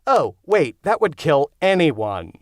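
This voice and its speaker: A man voicing a deadpan, sarcastic young man who doubts everything, in a lively audiobook reading. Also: fairly high pitch, slow, no echo. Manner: dry, sarcastic.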